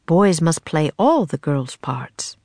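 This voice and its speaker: A woman's voice: deep voice, big pitch swings, slow pace, dark tone, dry recording, heavily acted. A woman voicing a kindly, old-fashioned man playwright in a storybook reading, with courtly, archaic phrasing.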